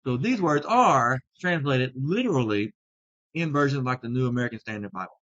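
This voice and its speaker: A man in a mid-pitched voice gives a deliberate video lesson as a Bible teacher. He leans hard on key words as he explains. The recording is a little dull and lo-fi. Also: lively intonation, a bit bright. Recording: slightly dull lo-fi sound.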